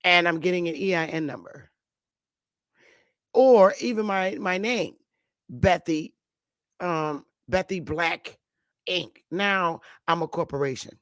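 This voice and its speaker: A woman's voice: fairly low pitch, slow, pauses often, no echo, clean studio sound. A woman hosting a casual morning talk show, rambling and blunt, with frequent swearing.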